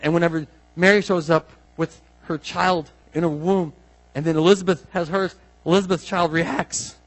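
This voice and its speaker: A man preaching with a slightly higher than usual voice. He talks casually, drops to near-whispers, then bursts out loud as he acts out the people in his story. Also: brisk, poor audio. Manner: animated, swings from soft asides to loud bursts, acts out quotes. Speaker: pastor. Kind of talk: sermon.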